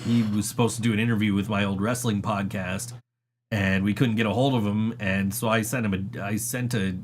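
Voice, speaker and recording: A man's voice: fairly low pitch, fairly even intonation, fairly quick, a little hiss or hum. A man hosting a podcast, chatting casually and rambling through stories with frequent swearing and laughs. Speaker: podcast host. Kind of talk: casual chat.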